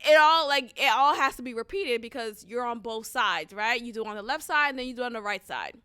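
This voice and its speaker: A young adult woman hosting a podcast, ranting casually in an animated, profane way that flares into loud outbursts. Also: a little high, a little fast, clear, resonant tone, dry recording. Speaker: podcast host. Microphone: close studio mic.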